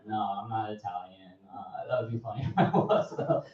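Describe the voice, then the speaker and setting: A man's voice: on the low side, lively intonation, fairly quick, darkish tone. A young man doing a stand-up set in a comedy club, talking in an offhand, rambling, self-mocking way. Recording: echoey, distant, dull live club recording.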